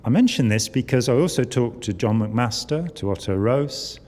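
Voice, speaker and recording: A man's voice: medium pitch, expressive, moderate pace, a little mellow. An older man talks wryly to a conference audience, trailing into asides and little acted quotes. His middling voice carries a long reverb from the hall. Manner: wry, conversational, full of asides and acted quotes. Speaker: conference speaker. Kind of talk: conference talk.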